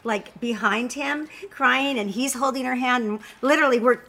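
Bright, animated woman telling a story. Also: on the high side, moderate pace. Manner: animated storyteller, acts out quotes. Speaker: guest. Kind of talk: casual chat.

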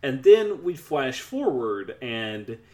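A man casually retelling a film's plot to a friend in a relaxed, dry way. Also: mid-range voice, slow pace. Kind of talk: casual movie review chat.

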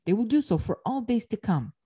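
A woman's voice: fairly high pitch, lively intonation, brisk, warm tone, husky, pitched above the performer's own voice. A woman voicing an angry, proud harvest goddess who scolds and makes solemn proclamations, read aloud within a lecture. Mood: stern. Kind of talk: dramatic reading within a lecture.

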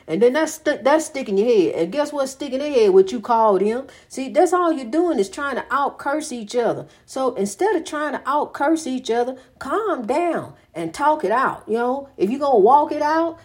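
A woman talks through relationship advice in a loose, repetitive style, circling back to the same phrases as if preaching. Her voice sits a little high for a woman. She swings between lecturing and casual storytelling. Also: a little mellow. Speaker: vlogger giving relationship advice.

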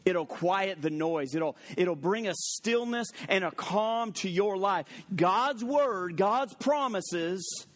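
A male pastor with a notably high voice delivers a lively sermon. He mixes personal stories with scripture and rises in volume for emphasis, a preacher in his late thirties or forties. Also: slow pace, few pauses. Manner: animated, storytelling preacher who gets loud for emphasis.

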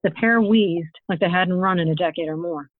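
A woman author reading her own fantasy novel aloud in a steady, expressive storytelling manner. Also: fairly low pitch, normal speed, dry recording. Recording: tinny phone-like, dry sound.

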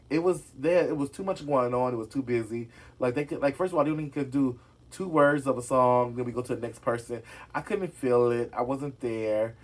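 A man with a husky, slightly breathy voice at an ordinary middle pitch. He dishes celebrity gossip in a loose, casual vlog, sassy and talking straight to his viewers as if they were friends in the room. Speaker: gossip vlogger.

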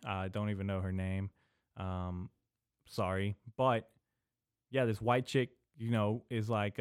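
A young man hosting a casual solo podcast, rambling and swearing, drifting between mumbled asides and loud venting into a desk microphone. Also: fairly low pitch, clear, resonant tone, no echo, clean studio sound. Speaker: podcast host. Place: small indoor room.

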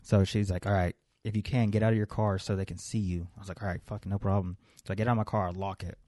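Profane storytelling young man, deep voice. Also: fast talker, no room sound. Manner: profane, animated storyteller acting out dialogue. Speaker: podcast co-host. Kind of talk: casual podcast chat, telling a story.

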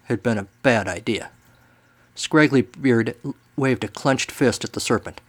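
A man's voice: mid-range voice, lively intonation, normal speed. A man hosting a podcast segment, telling a comic story in a dry, wry way. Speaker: storyteller host.

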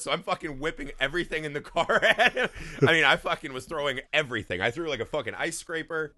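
A man from Indiana spins a wild story in casual podcast talk, swearing freely and laughing along. His voice is bright and forward, and the recording is dry and close. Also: fairly high pitch, fast, few pauses, no echo. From Indiana, USA. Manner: profane, animated storytelling with frequent laughs. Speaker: podcast co-host. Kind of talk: casual chat.

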